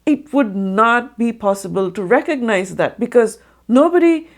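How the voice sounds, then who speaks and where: A woman's voice: a little high, animated, normal speed. A woman narrating an educational video on music and breaking down how melodies are recognized. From India. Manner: explanatory, sings short sung examples. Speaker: music explainer.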